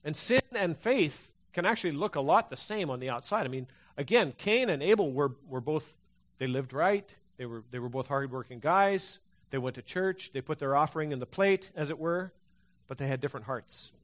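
Male pastor, fairly high-pitched, conversational sermon full of restarts and fillers to a congregation. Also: lively intonation, normal speed. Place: church hall before a congregation.

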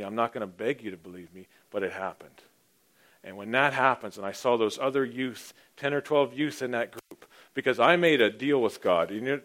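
A middle-aged man preaching a sermon, telling his own story and swinging from hushed asides to loud, emphatic points. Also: mid-range voice. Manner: personal testimony, dynamic, swings from hushed to loud. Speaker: pastor.

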